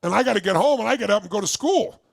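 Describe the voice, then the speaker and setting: A man's voice: high voice, animated, very fast, vocal fry, dry recording. A man from Southern California giving an intense motivational talk, telling his own story to a live crowd. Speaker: motivational speaker.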